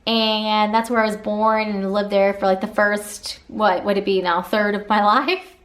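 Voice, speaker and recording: A woman's voice: mid-range voice, level tone, unhurried, a bit bright. A woman in her thirties from Southern Illinois with a Kentucky-like accent, chatting casually to camera in a Q&A vlog, full of fillers and asides. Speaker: vlogger.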